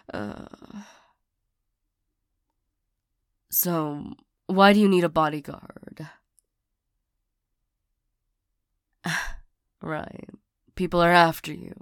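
A hurt young bodyguard and former lover, voiced by a woman in an audio role-play, speaking very slowly in a lowish voice. She stammers, restarts and sighs often. The recording is close and dry. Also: no echo. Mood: flustered. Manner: halting, stammering, frequent sighs.

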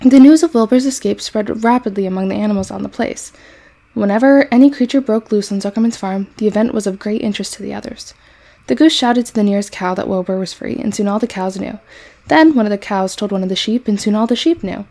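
Woman reading a children's book, expressive, mellow voice, gravelly edge. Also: medium pitch, fast talker. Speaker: storyteller.

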